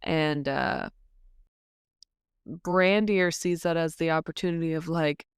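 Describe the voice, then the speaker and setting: A woman co-hosting a podcast, chatting casually and hesitantly with lots of ums, retelling a story and popping into high voices for the characters. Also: slow, long pauses, clear, resonant tone, no echo, clean studio sound. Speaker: podcast co-host. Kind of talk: casual book-discussion chat.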